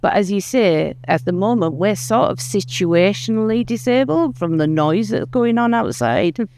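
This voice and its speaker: A man speaking as a panelist in an earnest, measured way into a handheld microphone. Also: high-pitched, animated, vocal fry, darkish tone, a little hiss or hum. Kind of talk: panel talk.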